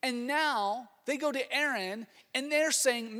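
A man preaching a sermon as lead pastor, animated, swinging from loud exclamations to quiet asides. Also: extremely high pitch, slow, in a large hall.

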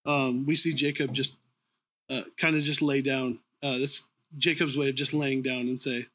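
A man giving a sermon in an informal, conversational way, with frequent ums, restarts and the odd throat-clearing. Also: mid-range voice, little pitch movement, normal speed, fairly bright tone. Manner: clears his throat now and then. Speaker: preacher.

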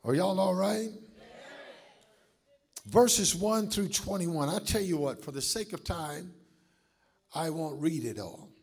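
A preacher with a husky voice pitched high for a man. He speaks slowly, his pitch leaping up and down. He calls out to the congregation, then drops to a hush. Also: animated. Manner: preaching with call-and-response to the congregation; swings between shouts and hushed asides. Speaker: pastor. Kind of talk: sermon.

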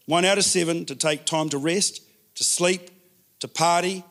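A man preaching a sermon in an animated way, repeating words for emphasis. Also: fairly high pitch, moderate pace. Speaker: pastor.

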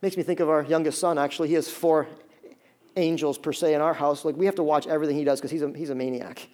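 High-voiced animated male pastor preaching. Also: fast. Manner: animated storytelling, acts out voices, many fillers. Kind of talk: sermon.

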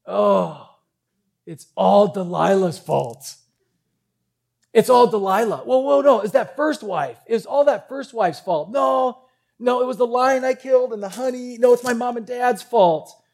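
A man's voice: fairly high pitch, a little slow, a little mellow, voice pushed down. Male preacher doing a proud biblical strongman; quoted plainly, no heavy character voice. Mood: blame-shifting. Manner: quoted in a conversational voice. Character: proud biblical strongman, humbled by his fall.

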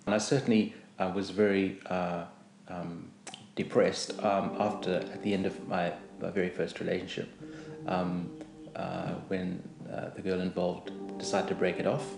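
Gravelly, low man telling his life story. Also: level tone, normal speed. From Rhodesia. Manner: hesitant, many ums, self-deprecating and wry. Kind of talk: reflective personal storytelling. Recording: echoey room with faint music.

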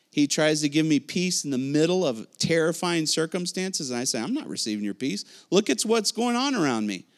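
A middle-aged man preaching a sermon, telling stories with lively acted-out quotes and reactions. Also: a little high.

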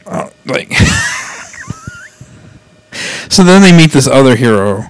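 A man's voice: mid-range voice, sing-song, slow, clear, resonant tone, raised voice. A man chatting casually, retelling a story in a rambling way and laughing as he goes. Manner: rambling, laughs often, quotes characters in voices. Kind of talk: casual chat retelling an anime plot.

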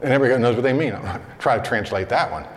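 Pastor preaching in a reverberant hall. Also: male voice, mid-range voice. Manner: conversational preaching, reads scripture slowly. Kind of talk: sermon. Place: church hall.

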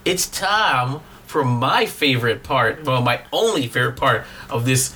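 A man's voice: medium pitch, animated, a little slow, bright, forceful tone, slight background noise. A man co-hosting a podcast in casual chat, teasing his co-host and rambling through explanations.

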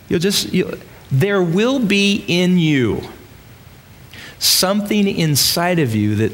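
This pastor's voice is high-pitched and fairly bright, with lively intonation, a slow pace, and long pauses. He preaches emphatically in church, asking his congregation one rhetorical question after another, and a large hall's long reverb fills the recording.

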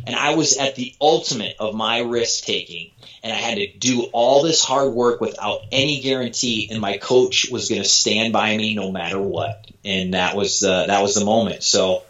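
Profane, animated man telling a story. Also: fairly low pitch, moderate pace, dull audio. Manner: animated, profane, acts out quotes. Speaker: former elite runner, guest. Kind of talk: casual storytelling.

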